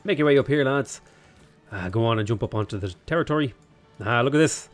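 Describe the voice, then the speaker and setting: A man's voice: mid-range voice, lively intonation, brisk, faint music behind. A young man streaming a strategy game, chatting casually in a rambling, joking way. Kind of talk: casual livestream commentary.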